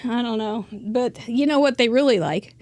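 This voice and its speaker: Chatty high-voiced woman host. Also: normal speed, a little mellow, no room sound. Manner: chatty, self-deprecating, rambling with restarts and laughs. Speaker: host of a live crafting show. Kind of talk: casual live-stream chat.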